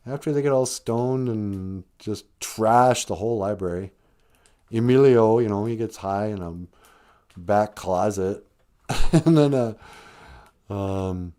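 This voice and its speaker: Animated, chatty male streamer. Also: mid-range voice. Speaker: live stream host. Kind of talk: casual storytelling.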